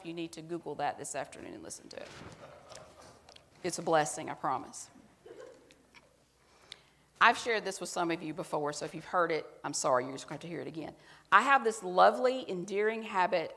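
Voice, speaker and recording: A woman's voice: on the low side, fairly bright tone, in a large hall. A woman pastor giving a sermon, speaking to the congregation in a conversational, self-mocking way.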